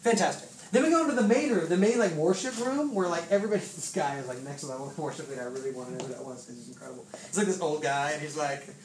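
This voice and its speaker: Fast-talking man telling a testimony. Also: a little high, roomy sound, distant mic, noisy background. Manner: animated storyteller, lots of fillers and acted-out quotes. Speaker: church member sharing a testimony. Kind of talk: casual spoken testimony to a group.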